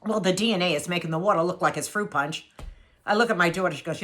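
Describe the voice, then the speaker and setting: A woman's voice: fairly low pitch, fast, a bit bright. A woman in her sixties telling a home story to her viewers in a chatty, sarcastic way, repeating phrases for effect. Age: 60s. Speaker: vlogger. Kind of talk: casual storytelling to camera.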